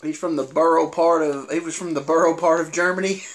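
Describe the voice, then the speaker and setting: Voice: medium pitch, fairly even intonation, a little fast. A podcast co-host in casual wrestling chat, laughing often and easily tickled.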